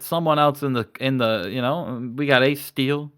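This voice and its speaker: A man's voice: medium pitch, unhurried, a bit bright, smooth. A young man hosting, casually recapping a wrestling booking game in a rambling, profane way. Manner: rambling, profane, retells storylines. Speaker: host.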